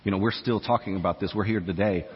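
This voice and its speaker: A man's voice: low-pitched, fairly even intonation, quick pace, husky, in a large hall, dull audio. A man in his forties preaching a sermon, chatty and self-deprecating, reading scripture aloud. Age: 40s. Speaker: pastor. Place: church sanctuary.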